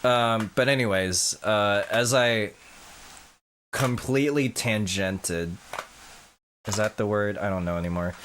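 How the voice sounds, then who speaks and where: Low-voiced man rambling over gameplay. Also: a bit bright, slight background noise. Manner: rambling, self-correcting, swears and chuckles. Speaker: streamer. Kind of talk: casual gameplay commentary.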